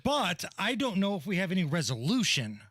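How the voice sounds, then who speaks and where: High-voiced male radio co-host. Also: sing-song, a little fast, fairly bright tone, breathy edge, dry recording, clean studio sound. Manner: methodical, reads details in order. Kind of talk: news rundown on talk radio. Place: radio studio. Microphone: studio microphone.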